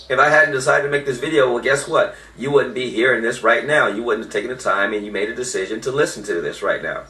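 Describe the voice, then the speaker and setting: A man's voice: medium pitch, quick pace, pushed and bright, recorded from a distance. A man giving an informal motivational talk, emphatic and repeating his key points. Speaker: motivational speaker. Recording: echoey room, voice off-mic.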